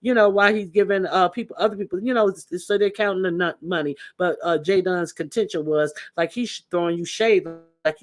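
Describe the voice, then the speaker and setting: A host speaking in gives casual commentary on online drama. The voice sits at a middle pitch. The talk rambles and turns confrontational, full of fillers and restarts. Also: brisk, hardly any pauses.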